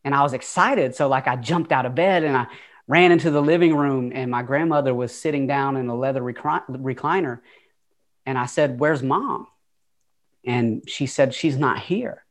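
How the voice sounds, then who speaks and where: A man's voice: medium pitch, moderate pace. A young man with a Southern twang tells his own story as an interview guest. He speaks openly and earnestly, with casual fillers, in an everyday mid-range voice. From Atlanta, USA. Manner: open, earnest, conversational with fillers.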